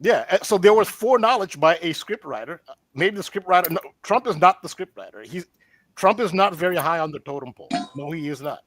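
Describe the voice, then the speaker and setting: Earnest man with a higher voice. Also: lively intonation, brisk, fairly bright tone, no echo. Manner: earnest, explanatory, with frequent restarts. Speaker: roundtable guest presenting a theory. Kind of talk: casual online roundtable discussion.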